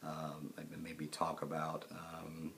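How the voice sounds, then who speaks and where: Low-voiced rambling male lecturer. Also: monotone, creaky, fairly bright tone, a little hiss or hum. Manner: rambling, halting, with many fillers and restarts; casual and joking with students. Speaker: college lecturer. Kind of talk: classroom lecture. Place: classroom.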